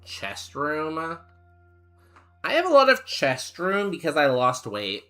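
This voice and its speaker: Young man, game streamer, unhurried delivery, bright forceful tone, rambling casual chat, faint music behind. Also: on the high side, huge pitch swings. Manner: rambling, filler-heavy, jokey. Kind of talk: casual chat while playing and reading chat.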